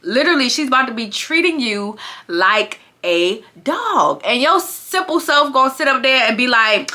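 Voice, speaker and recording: A woman giving a casual, gossipy recap of a reality show, talking in an animated, slangy way. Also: high-pitched, moderate pace.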